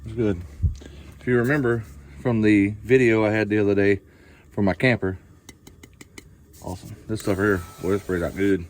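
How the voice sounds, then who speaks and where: A middle-aged Southern US man with a lowish voice, talking in a relaxed, folksy way as he cooks outdoors. The recording picks up clear outdoor ambience and the sizzle of a frying pan from a camera set nearby. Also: normal speed, pauses often, slight background noise. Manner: folksy, chatty, talks while cooking. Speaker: outdoor vlogger. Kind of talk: casual cooking chat to camera. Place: winter campsite outdoors. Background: outdoor ambience and frying food.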